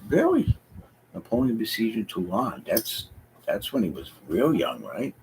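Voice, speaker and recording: A deep-voiced man talking loosely on a home live stream, stopping often to search for words and second-guess himself. A faint hum sits behind his voice. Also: very animated, unhurried, gravelly. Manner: rambling, hesitant, thinking aloud with many fillers. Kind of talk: casual live-stream chat. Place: home basement.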